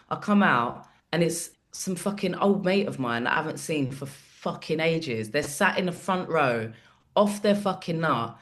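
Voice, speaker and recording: Sweary, animated woman. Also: lowish voice. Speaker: comedian guest. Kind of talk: casual podcast chat.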